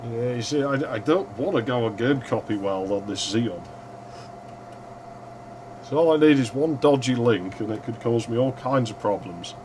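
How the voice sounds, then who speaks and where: A man casually commenting while streaming a retro game, swearing freely and yelling at the screen now and then. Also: mid-range voice, lively intonation, normal speed, background noise.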